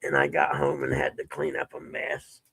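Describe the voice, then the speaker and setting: A man's voice: a little high, sing-song, normal speed, sharp tone, dry recording. A middle-aged man, telling rambling stories as a livestream host in casual chat. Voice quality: gravelly, husky. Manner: rambling, laid-back storytelling.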